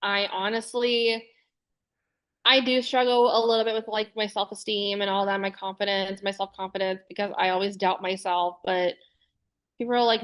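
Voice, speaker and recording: A woman's voice: mid-range voice, level tone, moderate pace, fairly bright tone. A woman guest on a podcast, speaking candidly and reflectively in casual chat. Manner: candid and reflective, with frequent fillers.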